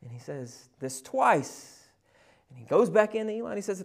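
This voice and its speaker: A male pastor delivers a sermon with wide swings in volume, building to loud, emphatic peaks and then dropping to hushed, almost whispered stretches. He retells scripture scenes in a conversational way, with casual asides woven into the preaching. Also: sits high, big pitch swings, moderate pace, vocal fry.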